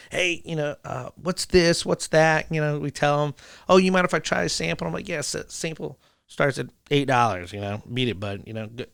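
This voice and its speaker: A man telling animated stories in a casual podcast chat, laughing often and acting out dialogue. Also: on the high side, vocal fry, dry recording, clean studio sound. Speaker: podcast guest, food truck owner.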